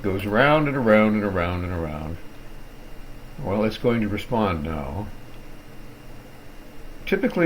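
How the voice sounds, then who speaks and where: A tired older man with a fairly low voice talks his way through a digressive, tongue-in-cheek rant, breaking off into theatrical asides as he clicks around on his computer. A faint ambient hiss sits under the recording. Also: rough recording. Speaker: vlogger ranting about his internet provider. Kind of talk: rambling screen-recorded rant.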